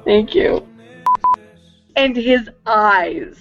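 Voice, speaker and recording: A woman co-hosting a chatty podcast, playful and quick to mock herself. Her pitch swings widely as she talks. The recording is a little muffled, with faint music underneath. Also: gravelly. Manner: playful, self-mocking, animated. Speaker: podcast co-host. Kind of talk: casual chat.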